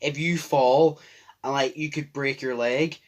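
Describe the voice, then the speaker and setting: A man's voice: medium pitch, steady tone, a little slow. A man co-hosting a casual podcast. He talks loosely, fills his speech with "like", and laughs easily. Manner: chatty, loose, says "like" often, laughs easily. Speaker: podcast co-host. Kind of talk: casual chat.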